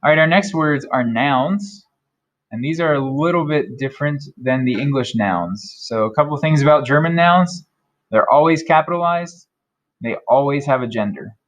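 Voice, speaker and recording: A man teaching German vocabulary, repeating each word slowly and carefully. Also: a little high. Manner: slow, careful modeling of German words. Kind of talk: vocabulary lesson.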